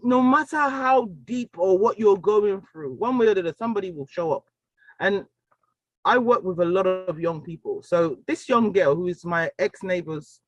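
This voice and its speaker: A woman giving a personal testimony, her voice sitting in a middle range. She tells the story with animation, acting out what each person said, and the recording is dry with no room echo. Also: mid-range voice. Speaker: speaker sharing a personal story.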